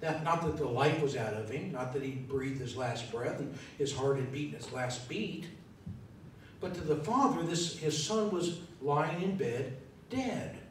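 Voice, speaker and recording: Expressive and a little slow, a man preaches a sermon in a church sanctuary, musing aloud conversationally and putting questions to the congregation. The recording catches an echoey hall from a distance, with a faint rumble underneath.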